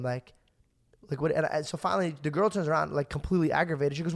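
A man's voice: on the high side, fast talker, creaky. A young man in his twenties, a podcast co-host, telling stories in casual chat and acting out the quoted voices. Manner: animated, acts out quoted voices.

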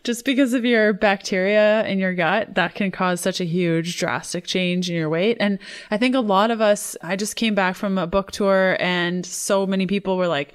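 Bubbly female podcast host, smooth voice. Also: mid-range voice, fairly even intonation. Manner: bubbly, quick to agree and laugh. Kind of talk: casual podcast interview.

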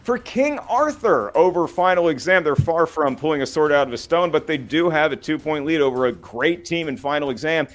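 A man's voice: a little high, expressive, brisk, hardly any pauses, soft background music. Playful male trivia show host. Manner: playful, teasing banter. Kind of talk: hosting a trivia game with countdowns.

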